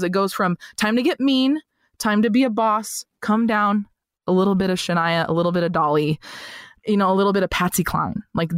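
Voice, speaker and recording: A woman's voice: mid-range voice, no echo, clean studio sound. A young adult woman talking casually as a podcast guest, bubbly and chatty, laughing often. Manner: bubbly, chatty, full of laughs and filler likes. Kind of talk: casual chat.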